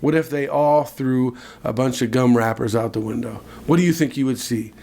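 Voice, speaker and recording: A man co-hosting a casual podcast, telling a childhood story with animated asides. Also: medium pitch, normal speed. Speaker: podcast co-host.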